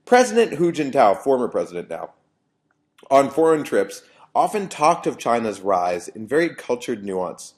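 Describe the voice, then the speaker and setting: A man's voice: medium pitch, sing-song, moderate pace, darkish tone. A man, a professor, giving a university lecture in an explanatory way, often restarting phrases.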